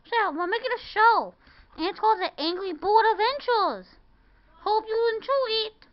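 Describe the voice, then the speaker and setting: A woman's voice: extremely high pitch, moderate pace, voice pushed up. A woman voicing a cheerful cartoon bird who rambles as he introduces his friends to viewers, in a muffled home video. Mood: chatty.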